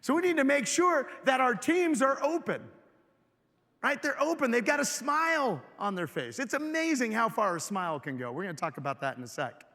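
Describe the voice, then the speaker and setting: High-pitched energetic male keynote speaker. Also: normal speed. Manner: energetic, engages audience with questions. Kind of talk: live keynote speech. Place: large hotel event hall. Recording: reverberant hall.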